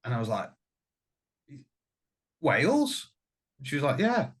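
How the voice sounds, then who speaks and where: Middle-aged man, guest musician, casual chat, animated sweary storyteller. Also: mid-range voice, measured pace.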